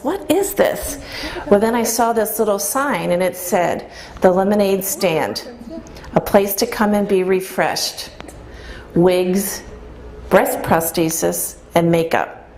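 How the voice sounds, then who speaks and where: A woman's voice: medium pitch, a little mellow. A middle-aged woman telling a personal story to a live audience, quoting herself and others and asking the listeners questions. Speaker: speaker telling her story. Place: event room with an audience.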